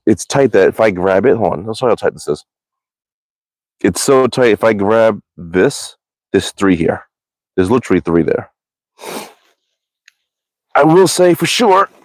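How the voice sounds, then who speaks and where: A man's voice: lowish voice, a little mellow, dry recording. A man chatting casually on a live stream about archery, rambling, swearing freely and correcting himself mid-sentence, recorded in a backyard. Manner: rambling, profane, self-correcting. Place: backyard outdoors.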